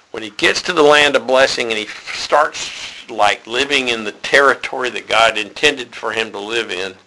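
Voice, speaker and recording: Gravelly, bright-voiced man teaching Bible study. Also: fairly low pitch, poor audio. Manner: conversational, animated when stressing a point.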